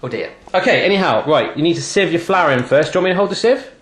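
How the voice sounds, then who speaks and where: A man's voice: a little high, animated, quick pace, background noise. Playful man in a roomy kitchen. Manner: playful, teasing, chatty. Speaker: cooking show host. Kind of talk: casual cooking demonstration with a child. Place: home kitchen.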